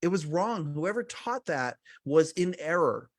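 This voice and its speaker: A man in his forties in an energetic podcast conversation, talking emphatically and speaking to the listeners directly. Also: fairly high pitch, measured pace. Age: 40s.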